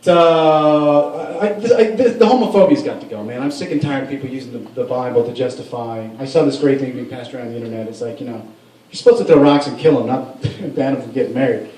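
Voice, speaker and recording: A man's voice: mid-range voice, quick pace, a little mellow. A man doing a stand-up comedy set in a club, rambling and profane with many restarts. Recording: roomy room sound from a far mic.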